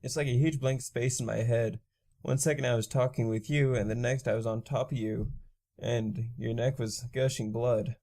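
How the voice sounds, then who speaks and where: A brash young vampire mare, as a male reader puts her on in a storybook reading. Her voice sits near the reader's own pitch, mellow and warm. She talks in a subdued, low-key manner. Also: fairly even intonation, moderate pace, natural voice. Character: young female vampire pony, brash and laid-back.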